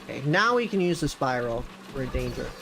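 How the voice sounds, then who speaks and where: A young man chatting excitedly while streaming a video game, with sudden jumps in pitch. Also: brisk, creaky, background noise. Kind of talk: casual gameplay commentary.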